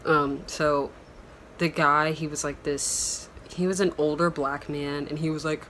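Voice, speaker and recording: A woman's voice: deep voice, steady tone, a little slow, fairly bright tone, slight background noise. A young woman from Florida telling a story to the camera in a chatty, rambling way, full of "like". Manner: chatty, rambling, heavy use of "like". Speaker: vlogger. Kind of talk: casual storytelling vlog.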